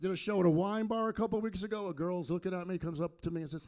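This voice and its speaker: A man performing a stand-up comedy set on a club stage, delivering deadpan punchlines into a handheld mic. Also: sits high, fast talker. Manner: deadpan punchline delivery with sung parody bits.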